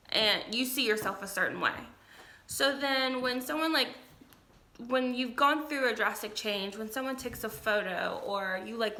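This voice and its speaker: A young woman giving a candid, rambling personal update, tired and at times emotional, with many pauses and restarts. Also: on the high side, sharp tone, reverberant. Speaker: vlogger.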